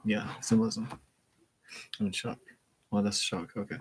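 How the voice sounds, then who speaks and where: A man's voice: on the low side, fairly even intonation, normal speed, gravelly, long pauses, slightly rough, rough recording. A man casually reading a book aloud, chatting, laughing and stumbling over words as he goes.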